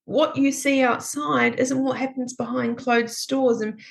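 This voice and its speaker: A woman's voice: high voice, little pitch movement, a little slow, creaky. Reflective woman podcast host. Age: 40s. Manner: reflective, affirming, thinks aloud with restarts. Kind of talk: conversational interview.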